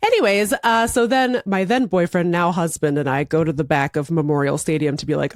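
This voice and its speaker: Animated storytelling woman in her forties. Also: fairly low pitch, normal speed, no room sound, studio quality. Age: 40s. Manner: animated, laughs through her own stories. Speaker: podcast co-host. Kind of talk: casual chat, comic storytelling.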